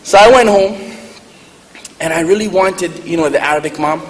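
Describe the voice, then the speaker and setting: Male speaker, high voice, comic storytelling, hall reverb. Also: moderate pace, a faint crowd. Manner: joking, lively, laughs at own stories. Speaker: speaker at a public event. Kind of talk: humorous storytelling talk. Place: large hall with audience. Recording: echoey hall, faint noise.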